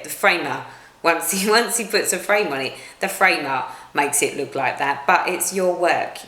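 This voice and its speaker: Low-voiced British woman, rambling vlog chat. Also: a bit bright. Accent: British English. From United Kingdom. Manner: rambling, with many restarts. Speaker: cross-stitch vlogger. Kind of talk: casual chat. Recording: roomy echo.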